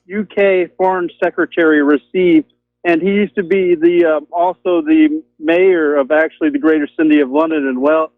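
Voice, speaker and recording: Guy calling in on a phone line, kinda high voice, rambly, lots of um and you know. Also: dry recording. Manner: rambling, many ums and you-knows. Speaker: caller. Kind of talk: casual call-in chat. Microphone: telephone.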